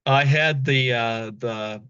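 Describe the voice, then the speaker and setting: A man hosting a podcast, relaxed in casual interview chat, giving short prompts. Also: mid-range voice, slow, clean tone, no echo. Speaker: podcast host. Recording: dull lo-fi dry sound.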